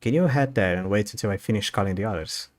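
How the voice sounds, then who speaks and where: A man reading the lines of a decisive young male class leader in a story game, in a brisk, organizing way. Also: lowish voice, lightly acted.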